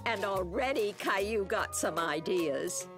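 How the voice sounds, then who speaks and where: Gentle storybook narrator woman, lively tone. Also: mid-range voice, unhurried. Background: loud children's music.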